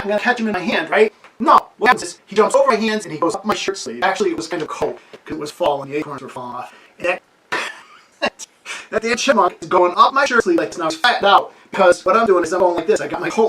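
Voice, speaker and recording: A man in his sixties telling a childhood story at home in a casual, animated way, laughing often and acting out the scenes. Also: high-pitched, fast, crowd noise, rough recording. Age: 60s. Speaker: amateur radio hobbyist. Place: home with a wood stove.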